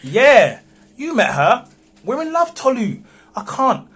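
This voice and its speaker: A man reads a young man ending an affair in a live read-through, slow, calm and measured. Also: extremely high pitch, slightly rough, exaggerated voice. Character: young man backing out of an affair with a married woman. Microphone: phone on a livestream.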